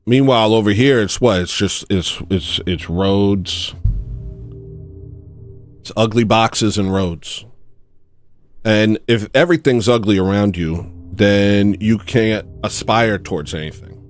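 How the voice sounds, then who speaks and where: A man with a low voice hosts a livestream, drifting from one tangent to the next in a loose comedic monologue. He chuckles at his own jokes as he goes, with faint music playing behind him. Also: slow pace. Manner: rambling, jumps between tangents, laughs at his own jokes. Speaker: livestream host.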